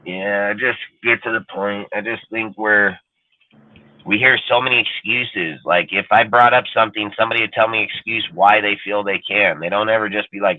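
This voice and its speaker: A man's voice: fairly low pitch, fairly even intonation, brisk. A blunt man rants in a casual, profane way, dropping "dude" and "like" all through his talk. His voice comes through thin and phone-like, with a dry sound and no room echo. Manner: blunt, heavy swearing, repeats "dude" and "like". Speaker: podcast co-host.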